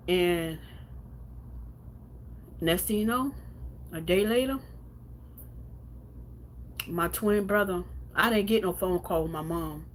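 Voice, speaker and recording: A woman's voice: lowish voice, takes it slowly, long pauses, a little hiss or hum. A woman livestreaming from home, telling a painful personal story in a blunt, profane way with lots of repetition, then reading out viewer comments.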